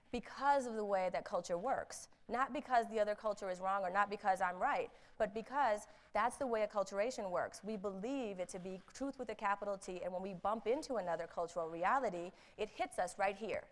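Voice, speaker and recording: Animated woman telling a personal story. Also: mid-range voice. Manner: animated storyteller, acts out quoted voices, laughs at herself. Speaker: speaker on intercultural competence. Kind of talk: storytelling talk.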